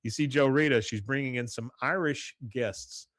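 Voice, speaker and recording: A man at a mid-pitched, ordinary register recaps a cartoon episode on a podcast, rambling with plenty of "uh" and little acted quotes. His voice is close and dry, with no room around it. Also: moderate pace, a bit bright, no room sound. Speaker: podcast host.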